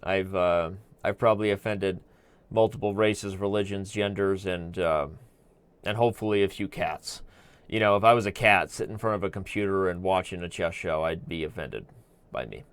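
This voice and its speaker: A man's voice: low voice, clean tone, dry recording. A man hosting a chess live stream, rambling and joking as he signs off. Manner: rambling, joking, quick asides. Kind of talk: casual live-stream sign-off.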